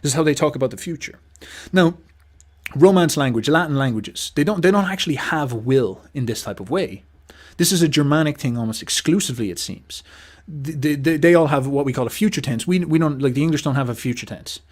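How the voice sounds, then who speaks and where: A man hosting a casual philosophical monologue, emphatic and animated, swearing casually and mimicking other people's voices. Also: on the high side, brisk. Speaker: host.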